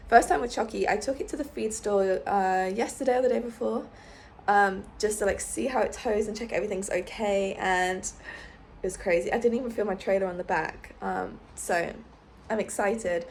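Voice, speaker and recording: A young woman chats casually to her viewers in a bubbly vlog voice, slightly hoarse after being ill. Her pitch sits in the middle of the range, and a faint noise runs under the recording. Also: normal speed. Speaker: vlogger.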